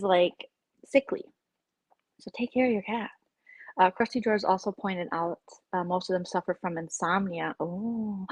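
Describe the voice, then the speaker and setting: A woman vlogger chatting casually with viewers on a livestream, opinionated and lively when she quotes people. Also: medium pitch, moderate pace, dry recording, muffled recording. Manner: chatty, opinionated, animated quoting. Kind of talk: casual live chat with viewers.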